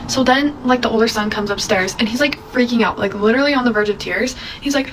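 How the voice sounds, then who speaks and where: Young woman, storytime vlogger, animated quoted voices, a bit high-pitched. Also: quick pace, few pauses, slight background noise, low-quality recording. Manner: chatty, animated retelling with quoted voices and laughs. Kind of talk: casual story time.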